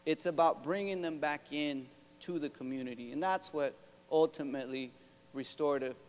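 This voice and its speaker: A man with a slightly high voice gives an earnest, rallying talk as a guest professor. He keeps checking in with the audience. The sound is dull, and his voice rings through a big hall with a long echo. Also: normal speed. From Oakland, California. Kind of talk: motivational public talk. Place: large school hall.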